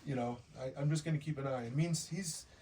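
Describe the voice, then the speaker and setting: A man's voice: fairly high pitch, brisk, mellow, far from the mic, a little hiss or hum, poor audio. A man giving an informal training lecture to bear viewing staff, explaining behavior and acting out what bears and guides might say. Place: lodge room with a group.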